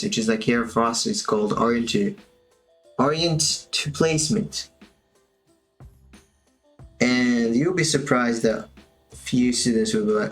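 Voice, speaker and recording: A man's voice: mid-range voice, animated, unhurried, long pauses, soft background music. A man teaching animation on a livestream, chatting casually and talking to himself as he works. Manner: casual, chatty, talks to himself while working. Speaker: animation instructor. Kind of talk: livestream tutorial commentary.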